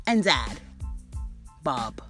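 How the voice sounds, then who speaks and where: A woman's voice: rumbling low, very animated, extremely slow, over music. A British woman hosting a podcast, ranting in foul-mouthed, indignant commentary full of rhetorical questions. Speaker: podcast host.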